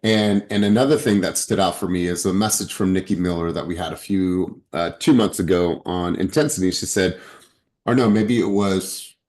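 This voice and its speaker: Man hosting a call, lowish voice, upbeat pep-talk energy, on a video call. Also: moderate pace, a little mellow. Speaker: group call host. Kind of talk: motivational group video call.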